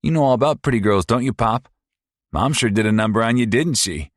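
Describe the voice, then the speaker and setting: A man voicing a sneering, cruel young man who taunts and mocks, speaking higher and louder than his own narration. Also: lively intonation, fairly quick, no room sound, studio quality, close to an everyday voice. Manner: taunting, mocking.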